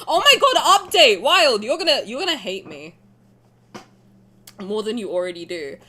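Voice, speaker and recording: Excitable woman streamer, lively pitch. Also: unhurried. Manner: excitable, laughing, bursting into yells. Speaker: game streamer. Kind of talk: excited casual reaction stream chat.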